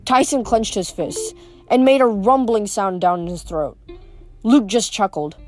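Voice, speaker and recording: A woman reading a novel aloud as audiobook narrator, in a steady storytelling manner. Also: mid-range voice, unhurried, soft background music. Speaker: reader.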